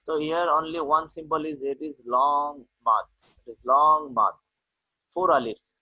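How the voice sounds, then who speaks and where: A man teaching an online class, explaining slowly and repeating "okay" often, with a Bangladeshi English accent. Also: a little high, steady tone, slightly rough, no echo. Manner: slow, repetitive explaining with many "okay"s. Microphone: video call. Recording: tinny online call audio.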